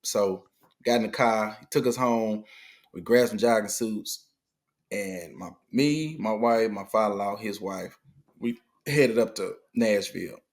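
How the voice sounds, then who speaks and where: A man's voice: lowish voice, a little slow. Man telling a family story. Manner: animated retelling, acting out quoted dialogue. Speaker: guest. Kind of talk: casual storytelling.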